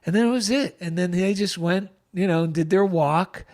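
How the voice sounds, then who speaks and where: A middle-aged man with an East Coast American accent tells a personal story in an animated, heartfelt way. His voice sits a little high for a man. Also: normal speed. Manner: animated, gets choked up with emotion. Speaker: guest, author and veteran. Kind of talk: storytelling in conversation.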